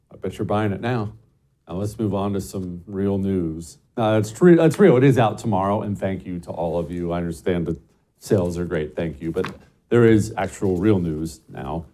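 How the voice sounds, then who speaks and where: A middle-aged man hosting an opinion show, talking emphatically and swinging between loud bursts and low, muttered asides. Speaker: show host. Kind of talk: opinionated commentary monologue.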